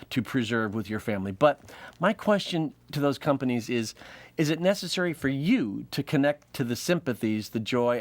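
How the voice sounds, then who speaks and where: A man's voice: mid-range voice, dry recording. A man hosting a comedy show, delivering a rambling monologue and laughing at his own jokes. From United States. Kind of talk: comic monologue.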